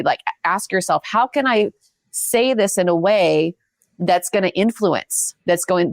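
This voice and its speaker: A woman's voice: on the low side, gravelly, no room sound, clean studio sound. A woman talking earnestly about leadership and communication, explaining her points step by step. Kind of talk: advice-giving leadership talk.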